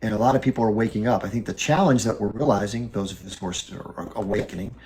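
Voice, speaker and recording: A man hosts a live stream and talks in a casual, earnest way. His voice sits fairly low. He reflects aloud and lays out his argument calmly. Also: quick pace, a little hiss or hum, rough recording.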